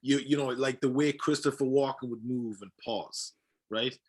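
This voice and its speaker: A man's voice: medium pitch, fairly even intonation, moderate pace. A young man who is a voice-acting guest, chatting casually and eagerly explaining his craft with examples. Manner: eager, explains with examples, many fillers and restarts. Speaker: voice actor guest. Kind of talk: casual podcast chat.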